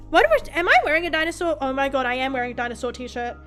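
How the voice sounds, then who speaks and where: A high-pitched woman streaming a casual chat, talking in loose, rambling runs that keep stalling and restarting. She is candid and swears freely. Soft music plays faintly underneath. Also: lively intonation, rapid-fire. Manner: rambling, self-interrupting with stammered restarts; candid and profane. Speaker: VTuber streamer.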